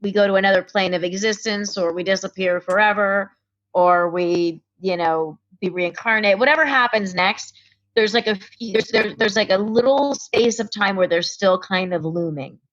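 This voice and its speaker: Animated woman telling a story. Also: mid-range voice, normal speed, highs cut off. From Connecticut, US. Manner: animated storyteller acting out quoted voices. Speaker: comedian guest. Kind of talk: casual storytelling interview.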